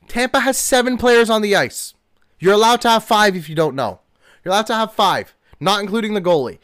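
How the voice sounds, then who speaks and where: A man's voice: high voice, fairly bright tone, no echo, clean studio sound. A man hosting a sports podcast alone, ranting with lots of rhetorical questions. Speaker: podcast host. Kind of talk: solo sports podcast rant.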